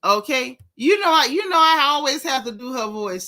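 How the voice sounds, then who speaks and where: A woman hosting a gossip vlog, talking casually in a sassy, animated way and repeating herself for emphasis. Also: fairly high pitch, moderate pace, few pauses. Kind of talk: casual chat.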